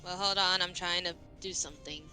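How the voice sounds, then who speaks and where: A woman's voice: on the low side, steady tone, fairly quick, sharp tone, faint music behind. A young woman joining a game stream, bantering in a playful, silly way. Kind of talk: casual game stream chat.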